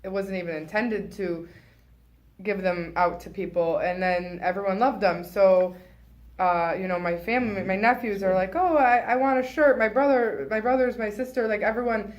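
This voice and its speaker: A woman's voice: medium pitch, fairly even intonation, normal speed, muffled recording. Female guest, chatty and enthusiastic, loose filler-heavy speech, mid-range voice. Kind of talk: casual chat.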